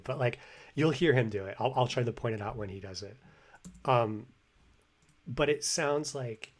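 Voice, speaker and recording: A man hosting a language-learning video, a native English speaker talking casually and rambling with many restarts. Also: medium pitch. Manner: rambling, lots of fillers and restarts. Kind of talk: casual commentary.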